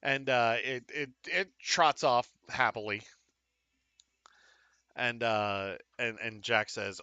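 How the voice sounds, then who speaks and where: A man's voice: medium pitch, fairly even intonation, takes it slowly, pauses often, bright, forceful tone, no echo, lo-fi sound. A man narrating as game master for a tabletop game, rambling and joking at his own expense with many fillers.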